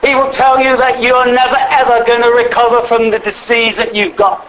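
A man's voice: very high voice, little pitch movement, normal speed, fairly bright tone, a little hiss or hum, rough recording. A man preaching in a church, telling a story in a conversational way, repeating words and asking the listeners questions. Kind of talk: storytelling sermon.

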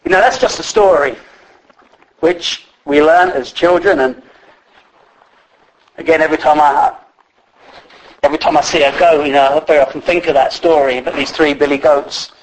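Guy preaching, chatty and loose, lots of uhs, voice a bit high. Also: moderate pace, pauses often, poor audio. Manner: conversational, with many fillers and restarts. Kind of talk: sermon.

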